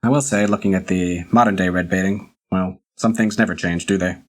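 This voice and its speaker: A man reading an old magazine article aloud in a measured, deliberate way, with the occasional dry aside of his own. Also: low voice, fairly even intonation. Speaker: reader of a historical article.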